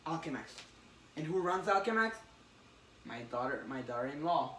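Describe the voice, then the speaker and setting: A man casually recapping a comic story with a friend. He talks in halting bursts and acts out the characters' lines. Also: a little high. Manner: excited, halting retelling with acted quotes. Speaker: podcast co-host recapping a comic. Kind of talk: casual chat. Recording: roomy, distant mic with faint hiss.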